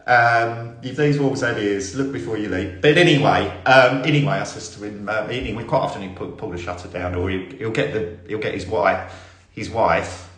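A man's voice: lowish voice, normal speed, a bit bright, reverberant, lightly acted. A man playing a rambling, giggly old lady. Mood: gossipy. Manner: rambling, muddling proverbs, giggly and coy. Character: lonely, deluded older woman smitten with post office staff. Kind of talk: improvised comic character monologue. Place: indoor room on a live stream.

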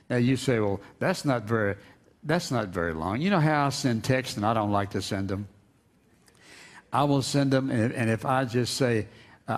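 A man's voice: medium pitch, expressive, moderate pace. An older man preaching a sermon, earnest and repeating words for emphasis. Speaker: pastor.

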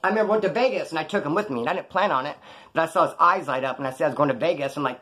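Fast-talking husky man telling stories. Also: a little high, pushed and bright. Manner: slangy and profane, acts out quoted dialogue. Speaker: former inmate telling his story. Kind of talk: casual storytelling.

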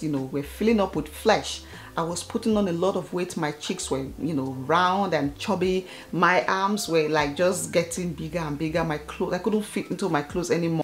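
A woman vlogger in her thirties telling a personal story straight to her viewers in an animated, chatty way. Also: fairly low pitch. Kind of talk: casual talk to camera.

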